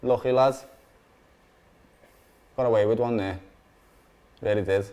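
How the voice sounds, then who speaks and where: A young man with a Liverpool accent watching a football match live, swearing freely and bursting into shouts. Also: lowish voice, steady tone, measured pace, clean tone. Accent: Liverpool (Scouse). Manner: swears a lot, erupts into shouting at goals. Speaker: Liverpool fan co-host.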